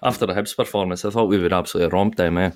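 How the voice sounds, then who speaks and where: A man's voice: low-pitched, fairly even intonation, rapid-fire, dry recording, studio quality. A Scottish man co-hosting a football podcast, joking, laughing often and calling his friend mate. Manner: jokey, laughs often, calls people mate. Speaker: podcast co-host. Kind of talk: casual football chat.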